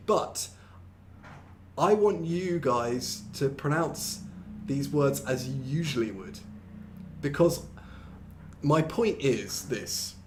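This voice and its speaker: A young man hosting a live online English lesson, playful, laughing often, switching into quick Korean explanations. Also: mid-range voice, a little hiss or hum. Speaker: English teacher and host.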